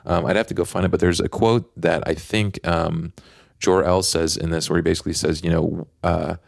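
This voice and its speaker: A man's voice: low-pitched, steady tone, normal speed, gravelly, no room sound, studio quality. A man co-hosting a podcast, chatting casually about comics with lots of fillers and a rambling flow. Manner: rambling, heavy use of fillers. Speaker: podcast co-host.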